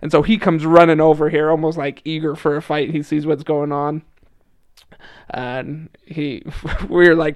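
A man's voice: a little high, little pitch movement, moderate pace, clean tone, no echo. A young man casually telling a story as a podcast guest, chatty with lots of fillers and frequent laughs. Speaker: podcast guest, returned missionary.

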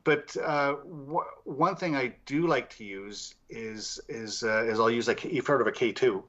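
A man recounts his investigations as a guest in a casual interview, his words tumbling out through constant restarts and filler sounds. His medium-pitched voice is muffled, the sound thin and lo-fi as though coming over a remote call. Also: measured pace, a bit bright. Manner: rambling, with many restarts and fillers.

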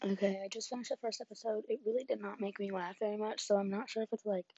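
A woman's voice: mid-range voice, fairly even intonation, quick pace, mellow, no echo, highs cut off. A young woman vlogging, telling rambling stories in a casual, giggly way with lots of fillers. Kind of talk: casual storytelling chat.

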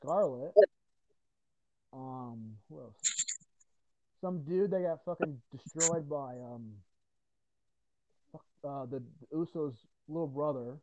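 A man's voice: a little high, slow pace, long pauses, dark tone. A young man from New Jersey, chatting casually on a podcast, swearing a lot and laughing through his rants. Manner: profane, laughing, ranting. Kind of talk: casual chat. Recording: dull lo-fi dry sound.

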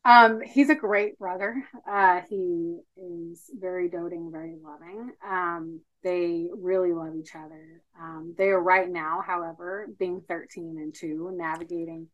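A woman in her thirties with a somewhat low voice tells a personal family story on a podcast. She talks casually and earnestly, with plenty of "um" and "like" along the way. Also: steady tone, unhurried, few pauses, muffled recording. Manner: earnest storytelling, many fillers. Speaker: podcast guest. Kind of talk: casual interview.

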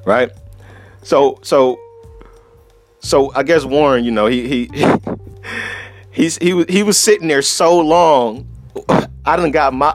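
A man hosting a solo podcast, telling a travel story in a profane, laughing, casual way. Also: medium pitch. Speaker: podcast host.

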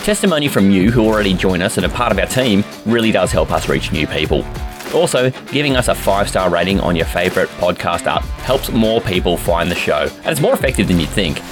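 A man's voice: deep voice, expressive, a little fast, music in the background. An Australian man reading a friendly scripted appeal for his podcast. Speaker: podcast host. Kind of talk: scripted promo read.

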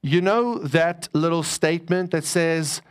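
Pastor preaching a casual sermon. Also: male voice, on the high side, measured pace, smooth. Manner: conversational preaching, jokes with the congregation.

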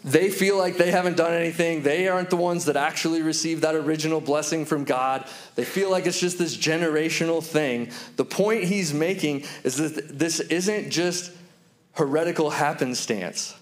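A man in his thirties preaching a sermon to his church, telling stories and slowing down to repeat key lines for emphasis. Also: on the high side. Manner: storytelling with slow, emphatic repetitions. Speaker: pastor.

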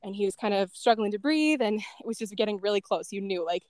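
A woman's voice: medium pitch, expressive, fast, no echo. Chatty woman telling a story, dry sound. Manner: chatty, lots of "like" and "um", laughs softly between thoughts. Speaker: guest, former end-of-life caregiver. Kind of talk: casual storytelling.

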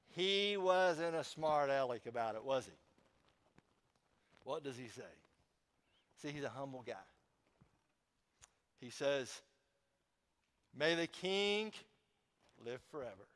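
A man's voice: medium pitch, expressive, takes it slowly, long pauses, a bit bright, big-room sound. A man preaching a sermon as pastor in a church, talking conversationally with emphatic bursts and questions to the congregation.

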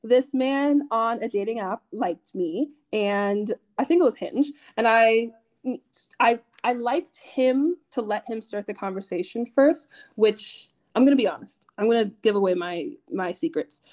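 A young woman co-hosting a podcast, telling a story in casual chat, animated and laughing often. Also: a little high, measured pace. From family from Nigeria. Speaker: podcast co-host.

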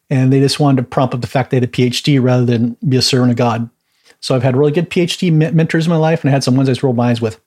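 A man's voice: mid-range voice, a little mellow. A man teaching a Bible class in a chatty, informal way, laughing at his own stories and adding many asides.

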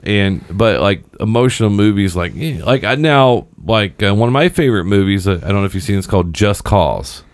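A man in his thirties with a very low, deep voice, chatting casually as a host. He rambles, swears freely and leans on filler words. The sound is close and dry. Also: lively intonation, a little fast, hardly any pauses, dry recording. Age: 30s. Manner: rambling and profane, with many fillers. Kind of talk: casual chat.

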